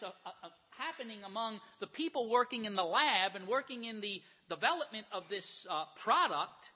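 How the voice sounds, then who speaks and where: Male preacher, sermon, animated storytelling, high lively pitch, very bright, husky. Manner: animated storytelling, acts out characters.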